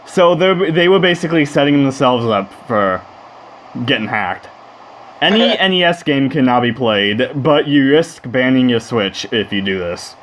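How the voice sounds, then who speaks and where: A man's voice: medium pitch, lively intonation, moderate pace, a bit bright, low-quality recording. Plain-voiced male co-host, blunt and swearing, with a faint hiss in the room. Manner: blunt, profane. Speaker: podcast co-host. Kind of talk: casual gaming chat.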